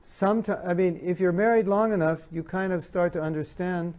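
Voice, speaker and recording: Male lecturer, mellow dark tone, earnest, repeats his points to the audience. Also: high-pitched, fairly even intonation, fairly quick. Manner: earnest, repeats key phrases, acts out spouses' lines. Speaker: speaker giving a talk on marriage. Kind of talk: spiritual lecture with audience questions.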